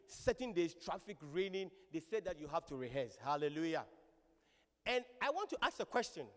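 A man preaching a sermon to a congregation in an animated, exclamatory manner, often calling out hallelujah. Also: on the high side. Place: large church hall. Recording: long hall reverb.

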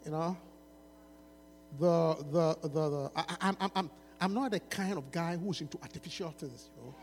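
A man's voice: fairly high pitch, moderate pace, slight background noise, voice pushed down, lightly acted. A preacher acting out a hesitant young man sweet-talking a woman, stumbling over his words in a reverberant hall. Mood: coaxing. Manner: hesitant, stammering, coaxing.

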